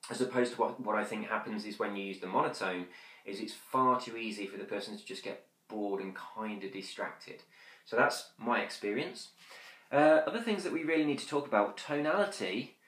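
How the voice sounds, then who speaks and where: A man teaching hypnosis in a quick, chatty way with many fillers, now and then slowing to a soft, drawn-out demonstration. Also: lowish voice. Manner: drops to slow whispery demonstrations. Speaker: hypnosis instructor. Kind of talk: conversational teaching. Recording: roomy echo.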